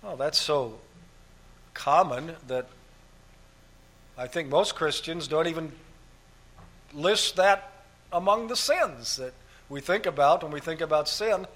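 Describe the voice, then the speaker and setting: Male pastor, emphatic sermon delivery in a somewhat high voice, hammers points by repetition. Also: slow, long pauses, a bit bright. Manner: emphatic, repeats key phrases, structured numbered points.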